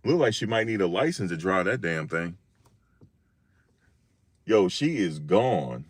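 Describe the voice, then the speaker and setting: A man's voice: low voice, a little slow, breathy edge, dry recording. A man from Virginia hosting a live stream, telling a story in a casual, slangy way and acting out what people said. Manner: animated slangy storytelling, acts out quotes.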